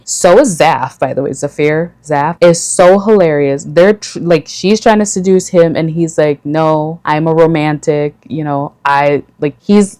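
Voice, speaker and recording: Chatty woman vlogger, lowish voice. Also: darkish tone. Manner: chatty, gushing, full of fillers and asides. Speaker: book vlogger. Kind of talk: casual book-tag vlog chat.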